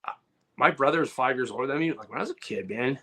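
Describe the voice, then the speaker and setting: A man co-hosting a comedy podcast, telling a story in a casual, animated way and acting out loud outbursts. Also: medium pitch, fast talker, breathy edge. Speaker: podcast co-host.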